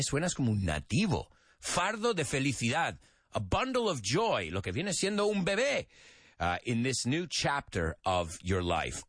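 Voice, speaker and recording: A man teaches English in a chatty, animated way, laughing often. His medium voice swings widely in pitch. The sound is dry and close, with no room echo. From Andalusia, Spain. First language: Spanish. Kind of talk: casual online English lesson.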